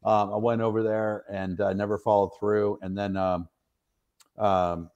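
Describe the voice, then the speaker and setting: Low-ish and fairly flat in pitch, his darkish voice moves a little slowly, and the audio sounds dull. He's a middle-aged retired soldier from the northwestern United States, guesting on a casual interview and spinning long, rambling, self-mocking stories packed with fillers.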